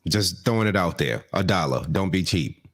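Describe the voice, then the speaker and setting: A man's voice: sits low, lively intonation, moderate pace. A man co-hosting a comedy podcast, joking and teasing in slangy casual chat.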